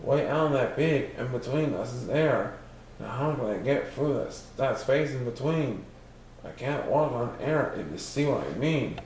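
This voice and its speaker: Man voicing a worn-out pleading elephant, lively pitch, echoey room. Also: measured pace, far from the mic, slight background noise, close to an everyday voice. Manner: pleading, anxious. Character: weary, honest male elephant, big and put-upon.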